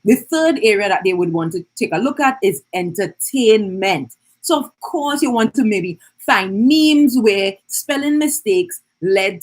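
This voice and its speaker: A woman teaches on a live stream, chatty and personable, often tossing in "right?". Her voice sits at a middle pitch and has a husky, slightly rough edge. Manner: chatty, keeps checking in with "right?". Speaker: business coach hosting an Instagram live. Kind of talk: live-stream teaching with viewer shout-outs.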